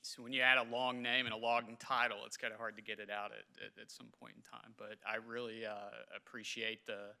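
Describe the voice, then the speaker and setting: Emotional, halting man. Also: on the low side, flat delivery, gravelly, sharp tone. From southern West Virginia. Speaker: government official speaker. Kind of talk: memorial ceremony speech. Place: large indoor hall.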